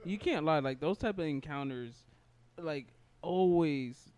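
A young man makes his point in loose, joking podcast banter. His voice sits fairly high for a man and swings widely up and down as he gets animated. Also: measured pace. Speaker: podcast co-host. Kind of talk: casual chat among friends.

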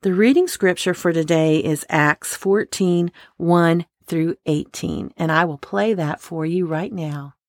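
Low-voiced lady doing a slow earnest daily devotional, dry close sound. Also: no echo. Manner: earnest, encouraging, unhurried. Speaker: devotional speaker.

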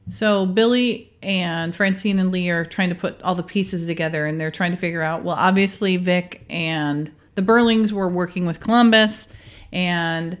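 Low-voiced woman recapping an episode. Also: moderate pace, hardly any pauses. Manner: chatty, laughs often, many fillers. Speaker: podcast host.

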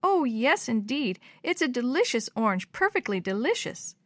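A woman's voice: on the high side, sing-song, moderate pace, no room sound, studio quality, voice pushed up. A woman reading a storybook aloud, voicing a timid, earnest little orphan girl in a small, pleading voice. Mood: grateful.

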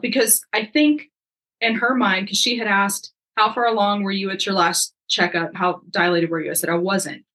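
A young woman, a podcast guest, telling a story in a lively, casual way and acting out the lines of the people in it. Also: mid-range voice, moderate pace, low-quality recording. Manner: lively, acts out quoted dialogue.

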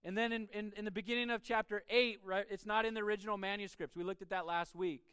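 A man preaching a sermon as pastor, emphatic, with his voice swinging between soft and loud. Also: high voice, steady tone, fast talker, clean tone, dry recording.

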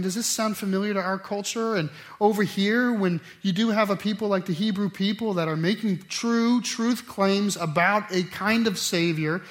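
Man preaching, middle-aged, fairly high voice, animated, loud then hushed. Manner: animated, swings from loud emphasis to quiet asides. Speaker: pastor. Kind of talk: sermon.

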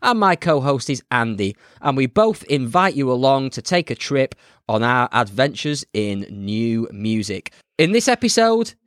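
A man's voice: medium pitch, no room sound. Man, podcast co-host, casual chat, playful storyteller, dry close sound.

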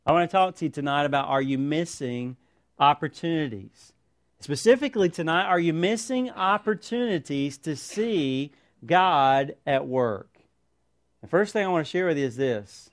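A man's voice: fairly high pitch, lively intonation, normal speed. A man preaching a sermon, telling personal stories and asking the congregation questions. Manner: earnest storytelling, rhetorical questions to the congregation. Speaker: pastor.

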